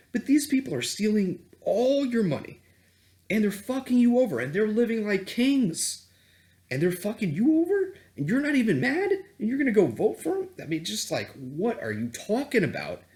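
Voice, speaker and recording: A man's voice: high-pitched, darkish tone. A man on a vlog, ranting heatedly and sarcastically, with plenty of swearing. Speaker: self-help vlogger and coach. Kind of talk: unscripted profane political rant.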